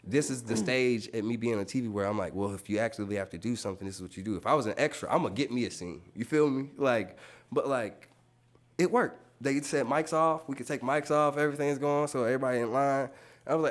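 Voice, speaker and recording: A tattoo artist spins stories on a podcast, his medium-pitched voice moving fairly quickly. His speech is loose, slangy and heavy with swearing, and he acts out quotes with abrupt jumps in his voice, casual storytelling all the way.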